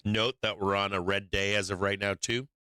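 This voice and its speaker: Low-voiced dude rambling thru a market livestream, crisp dry sound, swears casually. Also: male voice, little pitch movement, normal speed, pushed and bright, no room sound. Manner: rambling, restarts often, drifts off mic while working screens; casual and profane. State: has the hiccups. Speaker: stock market livestream host. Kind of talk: casual live market commentary.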